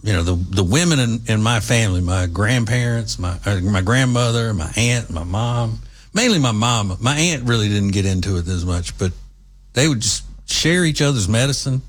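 A man's voice: fairly low pitch, lively intonation, normal speed. A middle-aged man, hosting a casual commentary monologue in a rambling, folksy, conversational way. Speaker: commentary show host.

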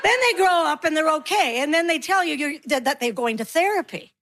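A middle-aged woman performing a stand-up comedy routine, telling animated stories and acting out the voices of the people in them. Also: sits high, brisk.

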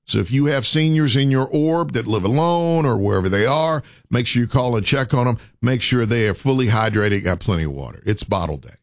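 Man, radio host, lively swooping pitch, dry close studio sound, repeats his call like a preacher. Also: a little fast, few pauses, no room sound. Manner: urging, preacher-like repetition. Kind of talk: morning radio talk.

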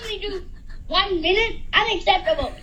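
A boy's voice, as a woman presents it: shrill nagging mock mom. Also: normal speed, pushed and bright, lo-fi sound. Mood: scolding. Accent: mock Singaporean. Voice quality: high, nagging, exaggerated. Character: scolding Singaporean mom, as mimicked by a young Aussie boy.

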